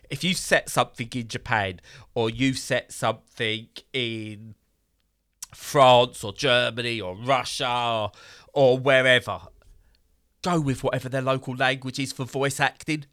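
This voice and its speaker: A man's voice: mid-range voice, fairly even intonation, measured pace, pushed and bright. A man casually reviewing a game in a podcast chat, rambling with fillers and bursts of exasperation.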